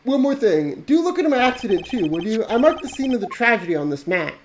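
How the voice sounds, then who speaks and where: A woman voicing a weary, laid-back father who jokes in a low, dry, offhand way while reading game dialogue on a stream. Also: very animated, quick pace, slight background noise. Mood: teasing. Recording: music playing behind the voice.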